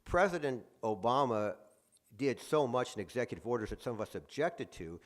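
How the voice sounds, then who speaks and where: A man's voice: medium pitch, sing-song, normal speed. A man speaking as a guest author, giving a conversational talk with frequent fillers and restarts. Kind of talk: lecture-style talk. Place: presentation room at a museum.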